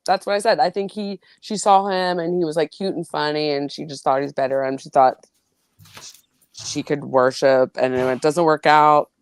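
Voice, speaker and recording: A woman's voice: sits low, steady tone, moderate pace, smooth, no echo. A woman hosting a casual chat, rambling and giggly, with lots of "like". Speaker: host.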